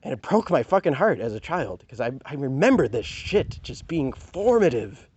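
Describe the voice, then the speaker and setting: A man's voice: mid-range voice, very animated, moderate pace, darkish tone, husky, lo-fi sound. A man venting in a heated, profane rant to camera, sarcastic and full of rhetorical questions. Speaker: vlogger. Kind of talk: angry personal rant to camera.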